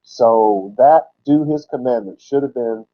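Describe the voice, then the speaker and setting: Male Bible teacher, mid pitch, sermon-style word-study delivery, slow repeats for emphasis, lo-fi recording. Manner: explains word roots, repeating words slowly for emphasis. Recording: dull lo-fi recording.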